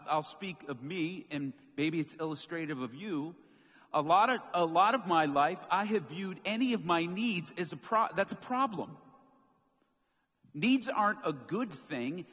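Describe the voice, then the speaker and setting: A man preaching a sermon as pastor, telling a story with lively, acted-out moments. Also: sits high. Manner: animated storytelling, acts out quoted shouts. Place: church sanctuary. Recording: long church hall reverb.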